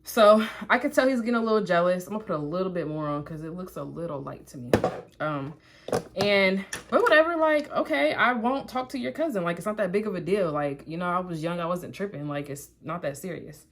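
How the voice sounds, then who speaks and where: While applying makeup, a young vlogger shares a personal story with viewers in an easygoing, conversational way that stays consistent throughout. She's animated and chatty, sprinkling in asides and plenty of "like," at a fairly quick pace and fairly low pitch, with a little hiss or hum in the audio.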